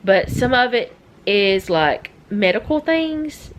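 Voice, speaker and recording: A woman's voice: medium pitch, expressive, slow pace, a little hiss or hum, low-quality recording. A middle-aged woman chatting casually as a vlogger, rambling and easily sidetracked. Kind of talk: casual chat.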